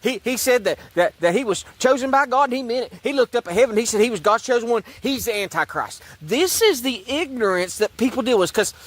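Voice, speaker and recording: A man's voice: very high-pitched, animated, a little fast, few pauses, a bit bright, no echo. A man ranting in a sarcastic, repetitive way about religion and politics, rambling and restarting his sentences. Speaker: online commentator.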